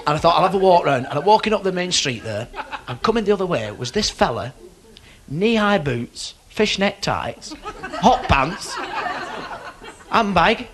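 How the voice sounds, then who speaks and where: A man's voice: high-pitched, very animated, moderate pace. A man doing a stand-up comedy routine on stage, telling stories and acting out voices. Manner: storytelling, acts out voices. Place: comedy club stage before a laughing audience. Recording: live audience laughter and noise.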